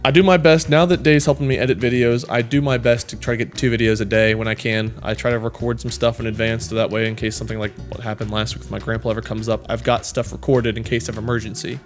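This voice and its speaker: A man's voice: medium pitch, little pitch movement, quick pace, hardly any pauses, soft background music. A man reading viewer comments aloud and chatting casually, in a rambling, self-deprecating way with many fillers. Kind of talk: casual chat.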